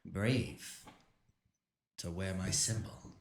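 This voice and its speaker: A man voicing a male spirit that speaks into the players' heads, slow and grave. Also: sits low, gravelly, a little hiss or hum, pitched below the performer's own voice, full character voice. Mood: cold, judging. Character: male spirit voice, echoing and cold, judging souls. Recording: roomy, distant home mic.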